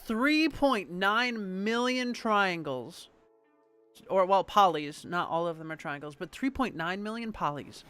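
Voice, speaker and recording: Woman streamer, casual rambling chat, crisp bright tone, faint music underneath. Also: medium pitch, animated, measured pace. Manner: chatty, rambling, casual swearing.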